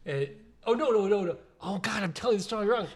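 A middle-aged man with a high, animated voice talks fast on a casual podcast, where he's a co-host and trivia player. He tells a rambling anecdote, constantly correcting himself and starting over as he goes.

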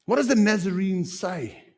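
A man preaching a sermon as pastor, animated and repeating phrases for emphasis. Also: high voice, measured pace.

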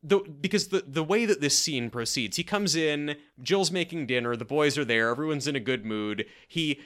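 A man chatting casually as a podcast co-host, recapping a sitcom with animated acting-out of lines and frequent restarts. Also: normal speed. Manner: animated, acts out quoted lines with big pitch jumps; frequent restarts and repeated words.

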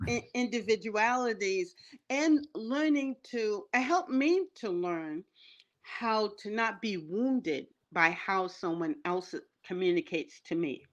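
Earnest woman coach, mid-pitched voice. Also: animated, slow pace, muffled recording. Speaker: leadership coach and minister. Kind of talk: conversational interview.

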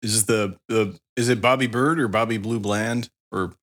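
A man's voice: on the low side, steady tone, normal speed, a bit bright. A man co-hosting a podcast, talking eagerly about songs and lyrics in casual chat. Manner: enthusiastic, analytical about music. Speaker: podcast co-host.

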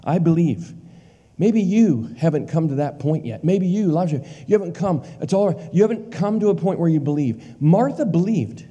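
A man preaching a sermon with emphasis. He repeats lines for weight and drops to a hush on key words. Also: fairly high pitch, expressive, normal speed, dull audio. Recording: long hall reverb.

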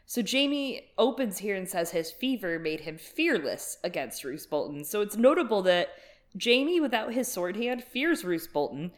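A woman's voice: fairly low pitch, expressive, normal speed. A woman co-hosting a podcast, recapping a book in a wry, jokey way. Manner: wry, jokey, puts on voices in quotes. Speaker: podcast co-host. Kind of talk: casual book discussion.

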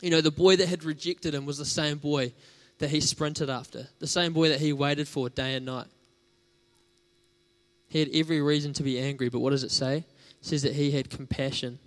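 A man preaching a sermon in a conversational, storytelling way, with casual fillers. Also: medium pitch.

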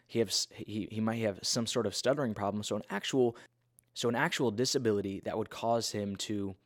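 A man's voice: fairly low pitch, fairly quick, dry recording, studio quality. A man giving a casual, earnest Bible talk in a conversational, self-deprecating way.

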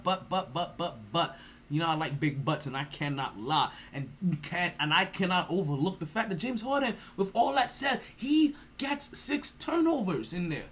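A man's voice: extremely high pitch, a bit bright. A man hosting a sports podcast, ranting in a profane, mocking way and laughing often. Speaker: podcast host.

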